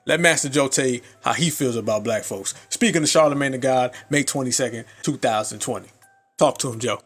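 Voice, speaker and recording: A man's voice: mid-range voice, fairly quick, fairly bright tone. A man hosting a live commentary stream, brash and heavily profane, laughing at his own jokes. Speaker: livestream commentary host.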